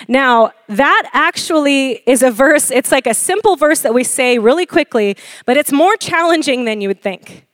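Woman preacher, conversational sermon, bright-ish higher voice, dry close sound, playful delivery that acts out quotes. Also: no echo. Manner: casual and animated, acts out quoted lines in little voices; frequent light laughter and call-and-response "Amen?".

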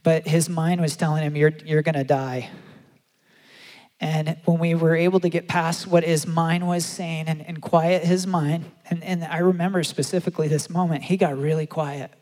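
A man preaching a sermon and telling a story, acting out the quotes with animated delivery. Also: fairly high pitch, normal speed. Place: large church hall. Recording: long hall reverb.

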